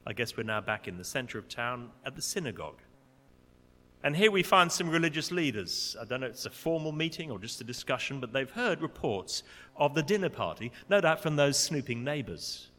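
Man preaching, bright tone, swings between hushed and emphatic, lively pitch. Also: a little fast. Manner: expressive, rising to indignant emphasis. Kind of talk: sermon. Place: church. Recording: long church reverb.

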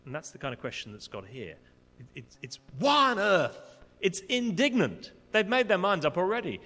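Man preaching, bright tone, swings between hushed and emphatic, lively pitch. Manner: expressive, rising to indignant emphasis. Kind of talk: sermon. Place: church. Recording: long church reverb.

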